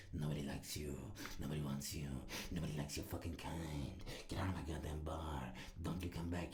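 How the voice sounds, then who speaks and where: A man's voice: extremely low pitch, darkish tone, roomy sound. Man putting on a growling, menacing barkeep with a mock Mexican accent. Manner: growling, profane, threatening. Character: hostile male barkeep throwing out a mosquito.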